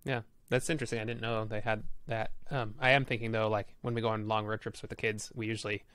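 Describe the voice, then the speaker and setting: Fast-talking man in casual chat. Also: on the low side, flat delivery, a bit bright, smooth, dry recording.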